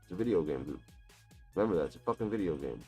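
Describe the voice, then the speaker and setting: A man's voice: low-pitched, expressive, rapid-fire, mellow, slightly rough, faint music behind. A man streaming a basketball video game, taunting and mocking his opponent with a profane, trash-talking manner. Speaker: gaming streamer. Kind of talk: live gameplay trash talk.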